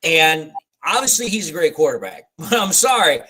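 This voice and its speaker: A man's voice: on the high side, sing-song, normal speed, sharp tone, slightly rough, rough recording. A man hosting a fan live stream, chatting casually about football and laughing as he retells movie scenes. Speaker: fan show host.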